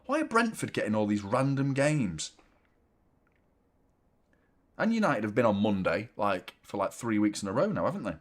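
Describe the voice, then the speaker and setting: A man's voice: lowish voice, very animated, moderate pace, pauses often. A man, chatting casually and self-mockingly as host of a football watchalong stream, swearing freely. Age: 30s. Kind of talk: casual live-stream chat.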